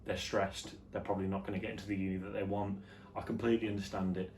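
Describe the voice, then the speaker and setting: A man hosting his own vlog show, chatting casually and jokily about the news, his voice jumping between loud and quiet. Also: deep voice, little pitch movement, quick pace, a little hiss or hum. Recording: echoey room with faint ambience.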